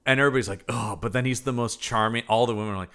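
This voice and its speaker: A man's voice: medium pitch, very fast, smooth. A man co-hosting a podcast, chatting casually about films and acting out lines from them. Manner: animated, acts out quoted lines from movies. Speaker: podcast co-host. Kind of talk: casual movie commentary chat.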